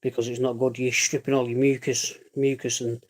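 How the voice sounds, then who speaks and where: A man's voice: medium pitch, little pitch movement, a little fast. A man chatting casually on a livestream, rambling with jokey asides and the odd swear word. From Britain. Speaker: vlogger living with a lung condition.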